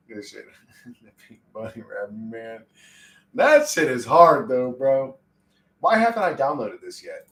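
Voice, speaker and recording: Brief: young male streamer, casual and profane, mid pitch, roomy distant mic. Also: wildly swooping pitch, unhurried, long pauses, a bit bright. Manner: rambling, profane, laid-back. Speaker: livestreamer. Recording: echoey room, distant mic.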